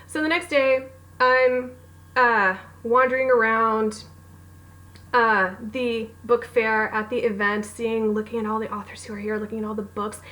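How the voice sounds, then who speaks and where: A woman's voice: on the high side, level tone, measured pace, pushed and bright, low-quality recording. A young adult woman who is an author, chatting casually about favorite books with bubbly, gushing enthusiasm and acting out her own reactions. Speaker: author and book vlogger. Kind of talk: casual book recommendation vlog.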